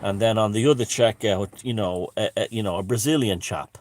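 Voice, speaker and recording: A man's voice: on the low side, fairly quick, a little mellow, dry recording, clean studio sound. A man telling a casual story in a rambling way, with many restarts and asides and a wry, self-mocking streak. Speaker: channel host.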